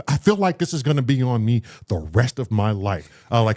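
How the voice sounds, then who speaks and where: A man's voice: fairly low pitch, brisk, few pauses. A man casually telling a story on a talk show, acting out what people said and swearing freely. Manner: animated, acts out voices in his story. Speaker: podcast co-host telling a story.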